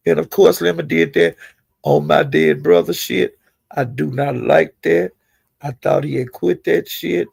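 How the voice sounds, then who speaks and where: A man's voice: on the high side, gravelly, darkish tone, breathy edge, no echo. A man giving casual, profane gossip commentary on online live streams and scolding the people involved directly. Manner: talks straight to the people discussed.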